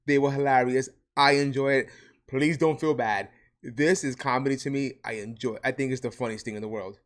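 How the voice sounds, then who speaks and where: A man's voice: medium pitch, steady tone, a little fast. A man from Puerto Rico with a New York accent, answering hateful comments as a vlogger, sarcastic and mocking. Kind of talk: reacting to comments.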